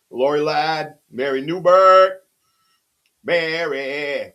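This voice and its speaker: Male podcast host, mid-range voice, excitable and rambling, home studio. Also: mid-range voice, moderate pace. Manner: excitable, rambling, shout-outs to chat. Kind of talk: casual livestream chat.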